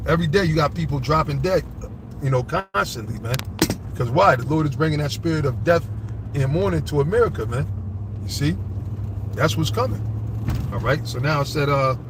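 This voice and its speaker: A man preaching fervently from scripture, rambling and swearing and often asking his listeners "all right?" He reads the verses slowly and gets louder and higher when agitated. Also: animated, noisy background. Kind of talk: fiery street-style scripture commentary.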